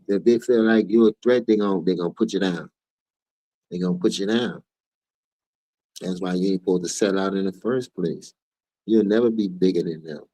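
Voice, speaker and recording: A man's voice: sits low, warm tone, slightly rough, no room sound, rough recording. A man from New Orleans with a New Orleans accent, hosting his own stream and ranting in heated, profane, preachy commentary. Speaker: streamer host.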